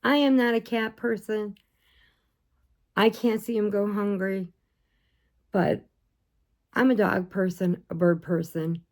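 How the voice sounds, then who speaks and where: Woman, gravelly, low-pitched, animated casual rant, vlogger. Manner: animated, acts out voices for pets. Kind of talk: casual ranting chat.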